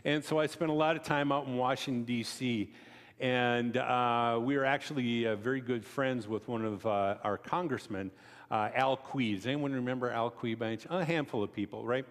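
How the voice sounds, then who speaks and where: A man giving a conversational sermon, telling stories with asides to the congregation and acting out quoted voices. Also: normal speed. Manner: storytelling, chatty asides to the congregation; acts out quoted voices with sharp pitch jumps. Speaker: preacher. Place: church sanctuary. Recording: long reverb of a church hall.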